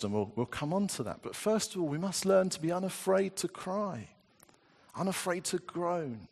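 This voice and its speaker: A man preaching a sermon, reading scripture slowly and deliberately with emphatic rises. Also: fairly high pitch. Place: church. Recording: long church reverb.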